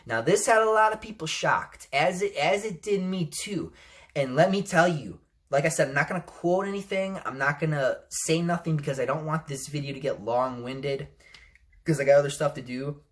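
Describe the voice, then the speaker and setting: A man's voice: fairly high pitch, normal speed, fairly bright tone. A man ranting heatedly to his viewers in a profane, scolding commentary vlog. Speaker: vlogger.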